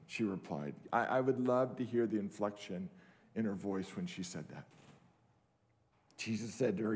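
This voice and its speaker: A man's voice: fairly low pitch, moderate pace, pauses often, darkish tone. A middle-aged man preaching a sermon at a family camp, earnest, repeating key phrases for emphasis. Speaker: camp speaker. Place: camp meeting hall.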